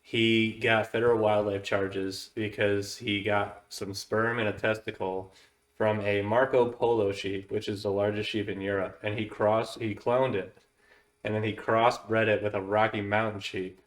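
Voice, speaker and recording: A man's voice: lowish voice, little pitch movement, measured pace. A man hosting a podcast in casual chat, meandering through a news story in a laid-back way. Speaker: podcast host.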